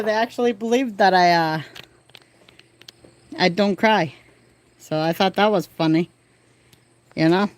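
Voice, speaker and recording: A middle-aged woman hosting a casual livestream from home on her phone, chatty and laughing at her own stories. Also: medium pitch. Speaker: livestream host. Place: home, by a bedroom window. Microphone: phone held in hand.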